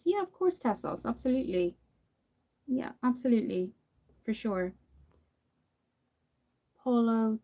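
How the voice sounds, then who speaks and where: Chatting casually with her livestream viewers as she does her makeup, an Irish woman answers their comments and fills her talk with plenty of fillers. Her voice is mid-range and warm.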